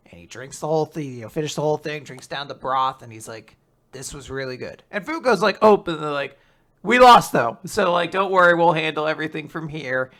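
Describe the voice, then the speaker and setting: Young guy podcast host, bright voice, goes all over the place, acting out the characters. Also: mid-range voice. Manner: animated retelling, puts on quick voices for characters, laughs often. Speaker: podcast host recapping manga. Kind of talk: casual chat.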